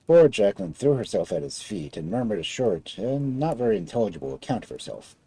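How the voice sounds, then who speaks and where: A man reading a fairy tale aloud as a storyteller, in an expressive style. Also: a little fast, hardly any pauses, slightly rough, dry recording, rough recording. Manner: expressive storybook reading with wide swings in pitch.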